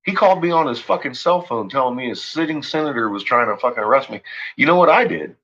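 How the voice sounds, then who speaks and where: A man's voice: mid-range voice, expressive, fast, lo-fi sound, a little hiss or hum. A man on a late-night monologue, ranting and swearing heavily as he tells his story. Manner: profane, ranting, shouts in retold quotes. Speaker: host.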